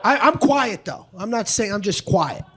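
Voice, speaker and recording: Male stand-up, very high-pitched, profane, brash; live club recording with noise. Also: expressive, normal speed, a crowd in the background. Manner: brash and profane, jumps into voices. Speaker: stand-up comedian. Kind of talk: stand-up comedy routine. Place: comedy club stage with audience laughter.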